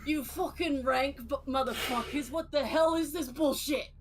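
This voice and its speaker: A woman's voice: high-pitched, moderate pace, pitched above the performer's own voice, lightly acted. Woman putting on a brash Aussie bogan. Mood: belligerent. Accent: put-on broad Australian. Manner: swearing, bellowing threats. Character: brash rowdy Australian bogan, spoiling for a fight.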